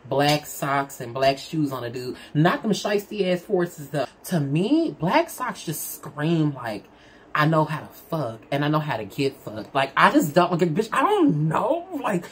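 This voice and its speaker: Low-voiced woman spilling a story to the camera, super chatty and candid, talks to viewers like her girls. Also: a little slow, slight background noise. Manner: chatty, candid, addresses the audience as "girl" and "y'all"; animated, with big swings in pitch. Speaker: storyteller vlogger. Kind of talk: casual storytime chat.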